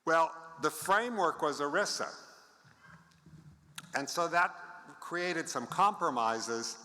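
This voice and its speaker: Older man with a bright voice telling stories in a big hall. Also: mid-range voice. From United States. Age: 70s. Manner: storytelling with wry asides to the audience. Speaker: conference speaker. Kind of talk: anecdotal conference talk. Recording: long reverb of a large hall.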